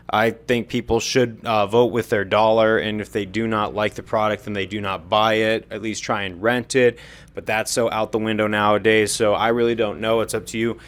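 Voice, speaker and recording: A man's voice: fairly low pitch, a bit bright, clear, resonant tone. Earnest young man rambling about games. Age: young adult. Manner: rambling, earnest, frequent fillers. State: has the hiccups. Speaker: gaming commentator. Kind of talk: opinion monologue.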